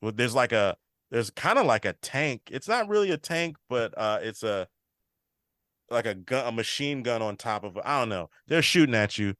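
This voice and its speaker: This man hosts a podcast, and his mid-range, slightly bright voice moves at a moderate pace with lively intonation. Recapping a TV episode casually, he retells scenes and quotes characters in a subtly altered voice. The sound is clean studio audio with no echo.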